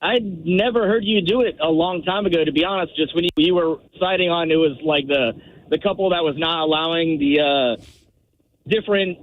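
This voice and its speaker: A man's voice: fairly high pitch, a little fast. Hesitant male caller over a tinny phone line. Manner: hesitant, apologetic fan. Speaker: radio caller. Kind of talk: casual phone call.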